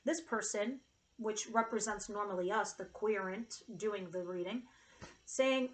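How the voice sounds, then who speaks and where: A woman's voice: medium pitch, a little slow, rough recording. A woman giving a casual tarot reading to camera, earnest and emotional, with casual swearing. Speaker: tarot reader.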